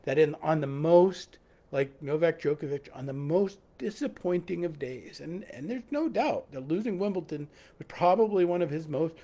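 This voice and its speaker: High-voiced man giving a casual sermon. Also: animated, moderate pace, dark tone. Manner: earnest, repeats key phrases, frequent restarts. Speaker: pastor. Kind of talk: conversational sermon reflection. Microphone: live-stream recording.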